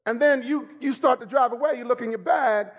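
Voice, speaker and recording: A man with a notably high voice preaches a sermon in church. He tells humorous stories, teases his listeners directly and rises into loud shouts to drive his points home. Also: a little fast. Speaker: pastor. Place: church service.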